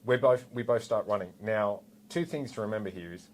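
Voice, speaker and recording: Australian man with a low voice. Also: a little fast. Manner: animated, rambling with fillers and asides. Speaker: guest, former police officer. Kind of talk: casual storytelling anecdote.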